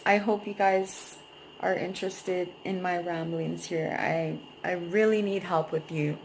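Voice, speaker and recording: A woman's voice: lowish voice, fairly even intonation, measured pace, a little hiss or hum, low-quality recording. A young adult woman vlogging, venting at length about a painful breakup in a rambling, emotional way and swearing freely. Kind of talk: personal venting vlog.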